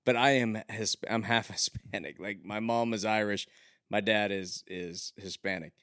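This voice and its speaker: A man with a lowish voice in a dry, close recording, telling personal stories in casual chat. He chuckles his way through the funny parts. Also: fairly even intonation, a little slow, a bit bright, dry recording. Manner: laughs through his own anecdotes.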